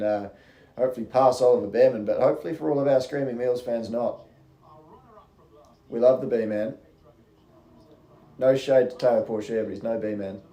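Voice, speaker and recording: A man's voice: medium pitch, dark tone, reverberant. A young man giving casual, rambling race commentary on a live stream, chatty and swearing freely.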